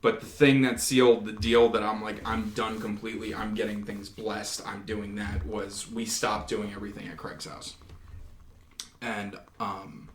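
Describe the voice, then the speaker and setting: A man's voice: on the low side, level tone, measured pace, a little hiss or hum. A man, a paranormal investigator guest, earnestly telling a story in a casual podcast chat, with frequent restarts. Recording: roomy echo.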